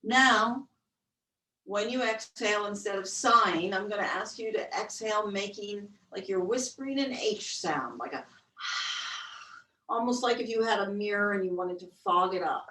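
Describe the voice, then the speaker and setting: A woman yoga instructor leading a webcast breathing class, with slow, gentle counted cues. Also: mid-range voice, a little hiss or hum. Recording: roomy, distant webcast audio.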